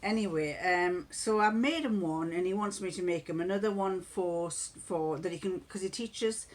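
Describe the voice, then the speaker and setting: Middle-aged lady rambling family stories, lots of chuckles and restarts, casual chat. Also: lowish voice. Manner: rambling storyteller, chuckles often, many restarts. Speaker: crafting vlogger.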